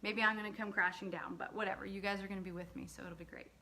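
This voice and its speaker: A woman, an author, hosting a casual livestream and chatting with viewers, giving shout-outs and laughing asides. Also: mid-range voice, fairly even intonation, fast talker. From lived in the US state of Georgia.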